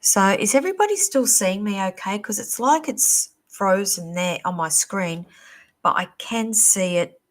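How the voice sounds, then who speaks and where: A woman hosting a live-stream psychic reading, chatty and reassuring, calling viewers darling, her voice going a little hoarse. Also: medium pitch, lively intonation, measured pace. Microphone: computer or phone mic on a live stream.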